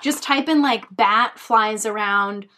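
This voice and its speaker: A woman's voice: on the high side, takes it slowly, bright, forceful tone. A young woman co-hosting a casual podcast, enthusiastic and giggly, swearing now and then. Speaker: podcast co-host. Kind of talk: casual chat.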